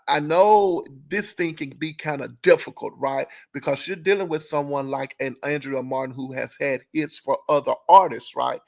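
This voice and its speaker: A man's voice: on the high side, creaky. A man hosting a casual commentary channel, chatty and full of fillers and self-corrections, often breaking into amused laughter. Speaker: entertainment commentary host.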